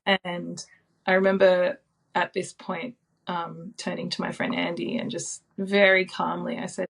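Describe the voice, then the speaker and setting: A woman in her thirties, a podcast guest telling a personal story in a soft, reflective way with frequent ums and likes. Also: on the low side, level tone, a little slow, creaky. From Australia.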